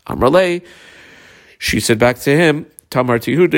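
Man, gravelly voice, mid pitch, Talmud class, reads Hebrew and Aramaic then translates, halting with fillers. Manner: frequent filler pauses. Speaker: Talmud teacher. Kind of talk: explaining a Talmud passage line by line.

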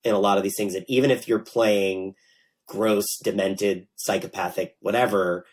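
A man's voice: fairly low pitch, steady tone, normal speed. A man hosting an interview, asking curious, easygoing questions. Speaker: interview host.

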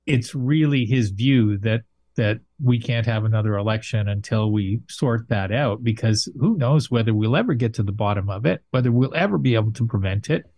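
A man talking through politics in a measured, thoughtful way, pausing on fillers as he builds his point. His voice sits at an ordinary middle pitch. The sound is dry and close. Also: darkish tone, no room sound. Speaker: political analyst. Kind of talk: casual political commentary.

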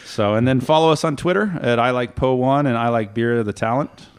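A man's voice: mid-range voice, brisk, smooth. A man co-hosting a casual beer podcast, chatty and friendly, often restarting his sentences. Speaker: podcast co-host.

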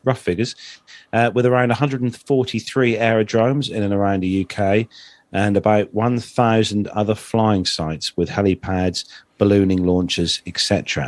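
A man's voice: fairly low pitch, no echo. A man co-hosting a casual aviation podcast, from England, talking with many restarts and fillers. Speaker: podcast co-host.

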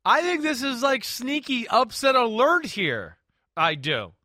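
A man's voice: very high-pitched, sing-song, unhurried, pushed and bright, dry recording, clean studio sound. A man co-hosting a football picks show, talking casually and animatedly, laughing often and restarting his sentences. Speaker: football analyst co-host. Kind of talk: casual sports picks chat.

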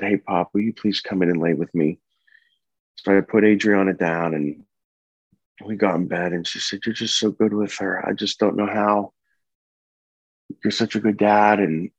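A man telling the story of his wife's death and caring for their baby, speaking in an earnest, halting, somber way. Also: sits low, no room sound. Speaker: bereaved husband and father telling his story. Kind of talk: personal testimony. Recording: dull, dry lo-fi recording.

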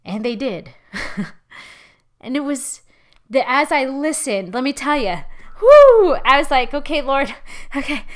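A woman preaching a sermon in a lively, conversational way, laughing as she talks. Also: high-pitched, measured pace, pauses often.

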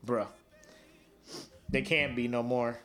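A man co-hosting a podcast in casual banter, slangy and animated, laughing often. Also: medium pitch, takes it slowly, soft background music. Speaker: podcast co-host.

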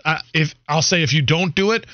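A man's voice: on the high side, a little fast, no echo, lo-fi sound. A man hosting a sports radio show in casual, joking banter, rambling and self-deprecating.

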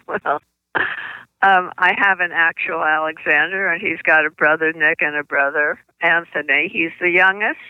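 An older woman, a children's book author, telling stories in an interview, with halting speech and frequent restarts, on slightly muffled lo-fi audio. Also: low-pitched, fairly even intonation, clean tone, no room sound. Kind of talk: conversational interview storytelling.

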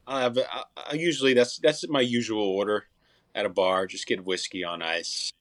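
Low-voiced young man rambling casually. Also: fairly even intonation, moderate pace, fairly bright tone, no room sound. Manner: rambling, with frequent restarts and fillers. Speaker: guest songwriter and musician. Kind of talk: casual interview chat.

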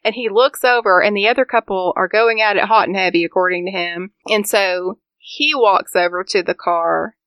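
A woman co-hosting a casual true-crime podcast chat, telling the case with lively asides and frequent laughs. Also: medium pitch, normal speed, few pauses, clean tone, dry recording, muffled recording. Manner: animated storyteller, acts out quotes, laughs often. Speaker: podcast co-host.

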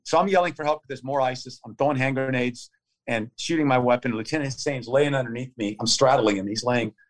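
Man in his fifties retelling a story. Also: medium pitch. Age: 50s. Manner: vivid, urgent play-by-play retelling of combat; fast, clipped phrases with restarts. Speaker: interview guest. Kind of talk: conversational storytelling.

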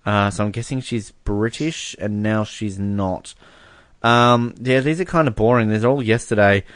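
A man's voice: lowish voice, normal speed, dry recording. A man co-hosting a podcast in casual chat, who laughs often while reading messages aloud. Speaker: podcast co-host.

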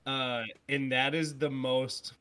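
Male co-host, unhurried casual banter, laughs along. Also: medium pitch, flat delivery, bright, forceful tone. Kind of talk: casual chat.

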